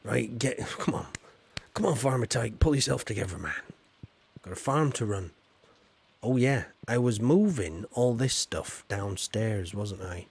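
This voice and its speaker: A Yorkshire man streams a game and chats casually in a lowish, gravelly, slightly mellow voice with a breathy edge, animated yet unhurried. He reads chat aloud and cracks jokes at his own expense.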